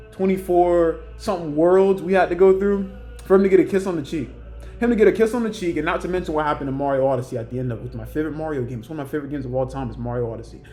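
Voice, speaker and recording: Rambling young man, animated rant. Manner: animated, rambling, acts out quoted lines in higher voices. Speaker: YouTuber ranking characters. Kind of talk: casual ranting commentary.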